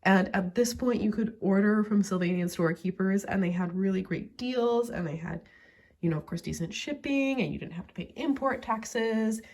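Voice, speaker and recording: A woman talking casually and rambling about her toy collection with many fillers, sounding a little sick and pausing to cough. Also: medium pitch, a little mellow. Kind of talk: casual chat.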